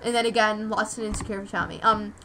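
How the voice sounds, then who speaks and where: A woman's voice: medium pitch, steady tone, brisk, a bit bright, a little hiss or hum, rough recording. A teenage girl from the United States telling a rambling, heartfelt story in a personal vlog, full of "like"s. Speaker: vlogger.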